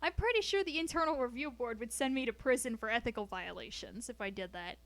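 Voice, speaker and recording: On a casual live stream from her home floor, a woman talks fast in a somewhat high, fairly bright voice. Her chat is profane and rambling, wandering off topic as she cracks jokes amid snippets of science.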